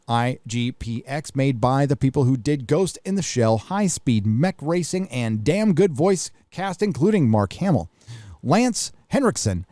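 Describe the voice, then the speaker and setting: With a warm, medium-pitched voice and no room sound, a man runs a laid-back live chat stream. He reads messages from viewers aloud, then riffs offhandedly, cursing freely along the way.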